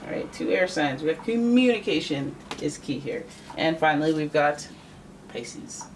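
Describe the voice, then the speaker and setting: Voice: mid-range voice, animated, normal speed. A tarot reader from Canada, giving a casual, joking reading to camera and thinking aloud. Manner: chatty, joking, thinks aloud and corrects itself. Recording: voice a little far from the mic, faint background noise.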